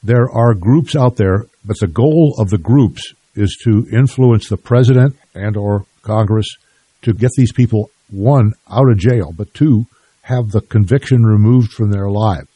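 An older man hosting a radio interview, measured and plain-spoken. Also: on the low side, warm tone, slightly rough, dry recording. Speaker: radio host.

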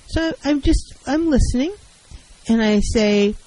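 A middle-aged woman counselor who talks in a calm, measured way and acts out example dialogues. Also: a little high, poor audio. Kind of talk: talk radio advice segment.

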